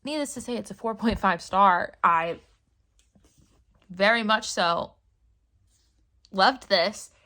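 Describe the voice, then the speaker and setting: A woman's voice: medium pitch, slow pace, pauses often, bright, forceful tone. A young woman vlogging casually about books, ranting dramatically and swearing in mock outrage. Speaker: book vlogger. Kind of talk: casual reading vlog rant.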